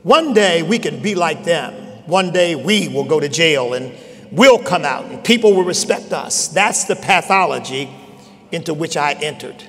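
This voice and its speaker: A man's voice: on the high side, expressive, moderate pace. An older man giving a personal testimony as a bishop, telling his story in a sermon that builds to emphatic peaks. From Chester, Pennsylvania. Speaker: bishop preaching. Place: large conference hall. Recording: long hall reverb.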